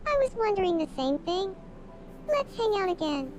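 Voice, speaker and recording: A woman's voice: very high voice, very animated, moderate pace. A synthesized woman's voice speaking as a cheerful, childlike game islander in a sing-song way. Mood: chirpy. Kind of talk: game character dialogue. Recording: game audio with loud music.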